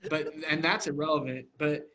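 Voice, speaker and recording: A man with a slightly raised pitch chats on a podcast. He hesitates a lot and fills pauses with "uh" and "um". When he is teased, he defends himself. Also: steady tone, a crowd in the background. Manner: hesitant, many fillers, defensive. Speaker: podcast co-host. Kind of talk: casual chat.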